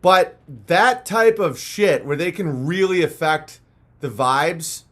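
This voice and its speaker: A man's voice: on the high side, slow, a bit bright. A young man hosting a livestream, rambling in a profane, mocking rant. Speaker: livestream host. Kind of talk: ranting livestream monologue.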